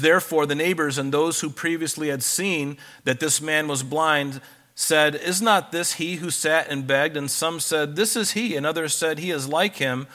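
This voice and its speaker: A man delivers a sermon in a bright, forward voice that sits a little high for a man. He reads scripture passages aloud, then turns to plain, conversational explanation. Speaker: preacher.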